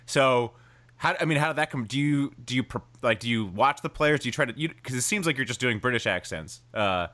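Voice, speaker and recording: A man's voice: medium pitch, brisk. A man hosting a casual chat, talking loosely with lots of "like" and frequent laughs. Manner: animated, lots of "like", laughs often. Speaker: podcast host.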